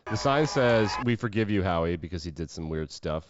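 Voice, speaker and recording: A man's voice: low voice, lively intonation, brisk, hardly any pauses, highs cut off, over a noisy crowd, very noisy. A man hosting a podcast, giving opinionated, brash sports betting picks in casual chat and swearing freely. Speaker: podcast host.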